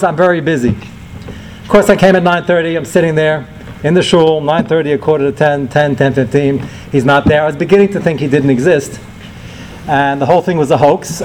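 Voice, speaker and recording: A man's voice: a little high, darkish tone, slight background noise, rough recording. Rabbi telling a story to his congregation. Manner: conversational storytelling, sprinkled with Hebrew terms. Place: hall with a live audience.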